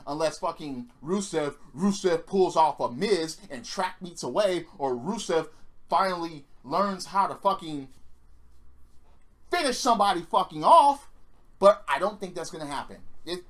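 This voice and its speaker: A wrestling predictions vlogger delivering an angry, sarcastic rant full of swearing. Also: mid-range voice. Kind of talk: profane opinion rant.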